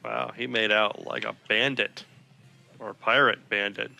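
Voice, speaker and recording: Playful young man with a smooth, bright voice. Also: lowish voice, fairly even intonation, unhurried, soft background music. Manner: playful, teasing, easygoing. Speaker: let's play co-host. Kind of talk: casual gameplay commentary.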